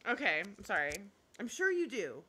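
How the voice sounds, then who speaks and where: A YouTuber reads viewer comments in a casual live chat, her voice bright, forceful and slightly rough, with big swings in pitch at a moderate pace. She's blunt and opinionated, laughs a lot, and offers half-joking apologies whenever she feels she's gone too far.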